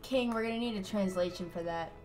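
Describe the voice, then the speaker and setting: A woman's voice: medium pitch, quick pace, a little mellow, soft background music. A young woman chatting casually as a guest on her brother's stream, playful and teasing. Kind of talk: casual chat.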